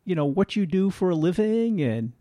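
A man's voice: high-pitched, very animated, moderate pace, warm tone, no echo. An older man co-hosting an interview, asking short, friendly questions. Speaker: co-host.

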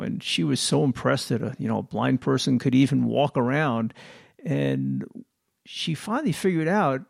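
A man co-hosting a show, telling relaxed, wry stories in casual chat. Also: mid-range voice, creaky, no room sound, clean studio sound. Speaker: co-host.

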